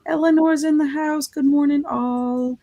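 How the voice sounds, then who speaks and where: Hosting a casual livestream from her home office, a woman from Louisiana, USA reads chat comments aloud and laughs often. Her voice is high and dark in tone, with fairly even intonation and a slightly slow pace.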